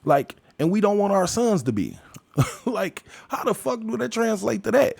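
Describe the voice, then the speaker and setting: A man's voice: sits high, expressive, normal speed, gravelly, no room sound. A man hosting his own podcast, ranting alone with heavy profanity, jumping from heated outbursts to laughter. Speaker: podcast host. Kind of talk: ranting solo monologue.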